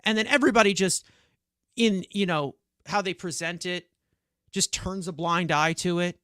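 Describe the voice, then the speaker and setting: A sports podcast co-host with a New York accent rants and swears, venting his frustration in heated reaction talk. His voice is high, pushed and bright at normal speed. The studio-quality recording has no room sound.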